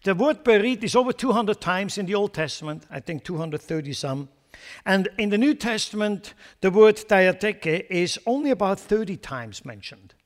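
A male pastor preaching a sermon, animated and putting questions to his congregation. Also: sits high, moderate pace, long reverb tail.

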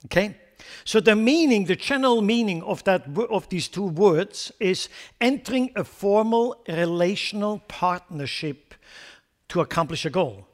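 A male pastor preaching a sermon, animated and putting questions to his congregation. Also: high-pitched, big-room sound.

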